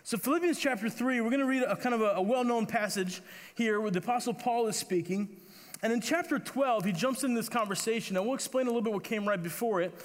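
A man's voice: very high voice, quick pace. A male pastor preaching a sermon in a conversational way, often repeating words and acting out the quotes he reads. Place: church hall. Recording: long reverb of a church hall.

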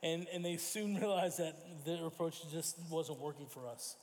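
A man's voice, on the high side and a little mellow, carries through the big room of a church sanctuary at a normal pace. As pastor, he preaches through stories, performing quoted voices and making self-corrections.

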